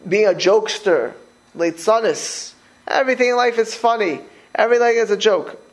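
Speaking at a moderate pace in a high-pitched voice, a man gives a casual Torah class as a rabbi over a rough recording. He talks right to his listeners, throwing out rhetorical questions and frequently starting over, repeating words in an animated, conversational way.

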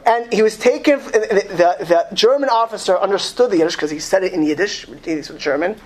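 A woman's voice: mid-range voice, darkish tone, slight background noise. A woman telling a dramatic true story, with frequent stumbles and restarts as she goes. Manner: dramatic, stumbling restarts, pauses to ask words.

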